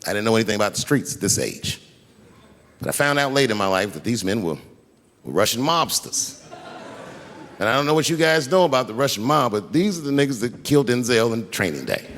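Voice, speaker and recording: Animated male stand-up comic in a hall. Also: mid-range voice, brisk. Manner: animated, profane, acts out characters in the story. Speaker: stand-up comedian. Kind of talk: stand-up storytelling. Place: large theater stage before a live audience.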